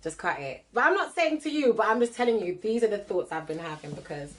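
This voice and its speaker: A woman talks to her viewers in a relaxed, chatty livestream. She laughs easily and slips between patois and London slang. Her voice sits at an ordinary middle pitch for a woman. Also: fast. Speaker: livestream host and card reader. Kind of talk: casual livestream chat with viewers.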